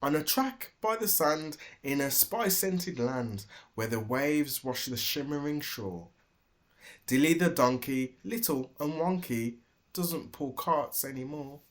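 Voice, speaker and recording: A man reading a rhyming children's storybook aloud with an expressive, sing-song delivery. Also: on the high side, unhurried. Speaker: storybook reader.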